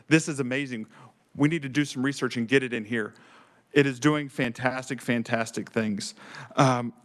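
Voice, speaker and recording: A man giving emotional, fervent testimony to a legislative committee as a program director, speaking with earnest enthusiasm. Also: mid-range voice. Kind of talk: passionate public testimony. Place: state legislature committee room.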